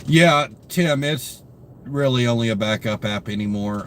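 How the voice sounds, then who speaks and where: Over a faint desk-mic hiss, a young streamer chats in an unhurried, fairly bright, mid-pitched everyday voice. He's tired and keeps yawning while he reads viewers' comments aloud, greets them by name, and rambles with plenty of fillers.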